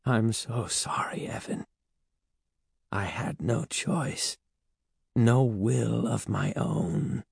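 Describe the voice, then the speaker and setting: A man's voice: medium pitch, takes it slowly, dark tone, no room sound, clean studio sound. A man reading a storybook and voicing a frightened, remorseful middle-aged woman held as a servant, who talks in a sorrowful, pleading way. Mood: apologetic. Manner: pleading, sorrowful, then defiant.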